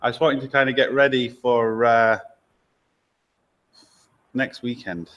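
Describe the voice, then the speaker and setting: A man's voice: medium pitch, fairly even intonation, dull audio, a little hiss or hum. A man hosting a casual live stream from a garage workshop, chatting loosely and reading out viewer comments. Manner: loose and chatty, with fillers and quick asides. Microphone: laptop or camera mic held by a helper.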